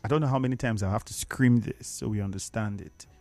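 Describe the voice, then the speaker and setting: Emphatic Nigerian radio host. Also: male voice, on the low side, fast talker, a little mellow, no echo, soft background music. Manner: lecturing, emphatic, repeats words for emphasis. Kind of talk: radio talk show, reading listener comments. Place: radio studio. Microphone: studio microphone.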